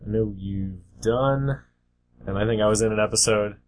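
A man's voice: lowish voice, moderate pace, a little mellow, a little hiss or hum. A man in casual chat on a comic book podcast, a departing regular with a dry, joking manner.

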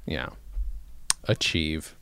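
A man hosting a podcast, chatting casually with dry, teasing humor. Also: drawn-out words. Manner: dry teasing, deadpan asides. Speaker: podcast host. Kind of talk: casual comedic chat.

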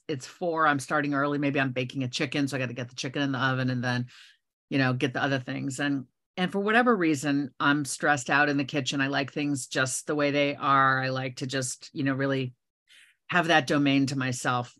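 A middle-aged woman, a guest author on a podcast, telling a personal story in an animated, lively way. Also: deep voice.

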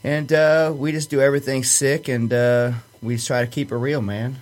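A man co-running a clothing company, joking around as a podcast guest in casual banter. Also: moderate pace. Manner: joking, relaxed, hammy pitch.

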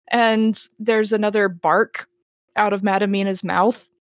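A woman's voice: mid-range voice, fairly even intonation, unhurried, no echo. A woman acting as game master who narrates a tabletop game in a descriptive way, often restarting her sentences.

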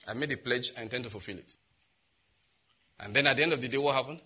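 A middle-aged male pastor preaching a sermon, telling stories and rising to loud, impassioned outbursts. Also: mid-range voice, fast, slightly rough.

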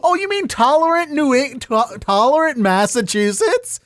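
A man's voice: very high-pitched, very animated, moderate pace, a bit bright, no echo, clean studio sound. A man hosting a casual comedy podcast, joking and riffing with his guest. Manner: joking, riffs into mock bits. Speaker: podcast host.

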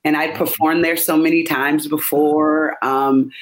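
Relaxed man chatting as a guest. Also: a little high, a little slow. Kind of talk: casual interview chat.

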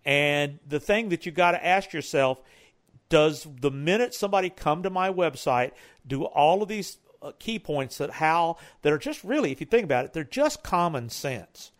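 A man co-hosting a talk show, offering business advice in long, loose, rambling sentences. His voice sits noticeably high for a man. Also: animated, normal speed. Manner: rambling, with many restarts and fillers.

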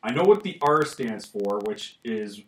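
A man's voice: on the low side, big pitch swings, unhurried. A man hosting a podcast in casual chat, rambling and laughing as he tells stories. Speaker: podcast host. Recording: echoey room, mic at a distance, faint hiss.

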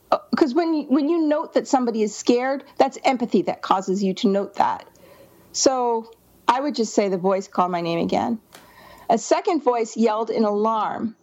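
Woman, editor, manuscript critique, explanatory, somewhat high voice, dull lo-fi sound. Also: a little mellow. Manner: explanatory, reads passages aloud then comments. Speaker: book editor.

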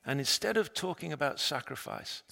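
A man preaching a sermon, retelling a story dramatically and swinging between loud, emphatic lines and hushed, quiet ones. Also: fairly high pitch, lively intonation, moderate pace, vocal fry. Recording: long reverb of a large hall.

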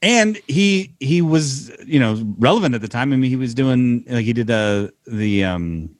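Young man, casual podcast chat, mid-pitched voice, laughs a lot, dry close sound. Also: lively intonation, measured pace, no echo. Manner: laughs often, loose opinionated banter with swearing. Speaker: podcast co-host.

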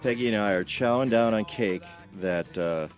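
A man's voice: fairly low pitch, moderate pace, music in the background. A man hosting a radio show from a studio, chatting casually and rambling, with plenty of filler.

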